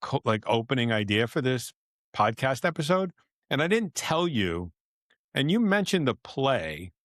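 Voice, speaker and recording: A middle-aged man co-hosting a podcast, talking in a loose, rambling way and laughing often. His voice sits at an ordinary pitch for a man. The sound is dry and close, with no room around it. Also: big pitch swings, unhurried, fairly bright tone, no room sound. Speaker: podcast co-host. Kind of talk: casual podcast chat.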